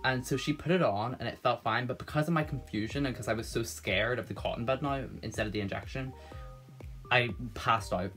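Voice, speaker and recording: A young man rambles through a personal story for his vlog, nervous and full of fillers and false starts. His pitch sits in an ordinary middle range. Faint music runs quietly behind him. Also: fairly quick. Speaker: vlogger telling a story. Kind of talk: casual storytime monologue. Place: at home.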